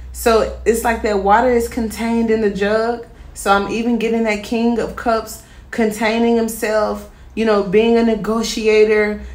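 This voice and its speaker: A woman's voice: fairly high pitch, reverberant. A woman giving a casual tarot reading to her viewers, chatty and encouraging, with many fillers. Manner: chatty, encouraging, addresses viewers as "my star" and "my healers". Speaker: tarot reader.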